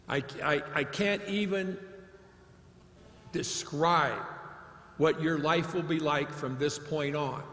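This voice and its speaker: A man's voice: a little high, slow, fairly bright tone. Blunt, emphatic man in an echoey hall. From Ohio, United States. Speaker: commencement speaker. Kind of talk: commencement address with folksy anecdotes. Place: large hall at a graduation ceremony. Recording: echoey large hall with long reverb.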